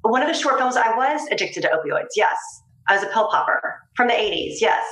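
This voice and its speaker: A woman's voice: fairly high pitch, expressive, a little fast, a bit bright. A woman, an actress being interviewed, chatting casually and laughing often. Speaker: actress guest. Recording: roomy echo.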